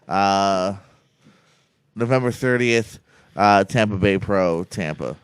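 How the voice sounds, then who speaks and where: Joking man with a smooth voice. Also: low voice, slow, no room sound, studio quality. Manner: joking, sarcastic. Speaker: co-host. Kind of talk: casual podcast banter.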